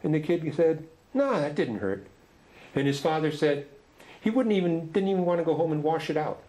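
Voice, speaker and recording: A middle-aged man leading a men's group tells a story gently, with halting restarts. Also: fairly high pitch, low-quality recording. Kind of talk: storytelling talk.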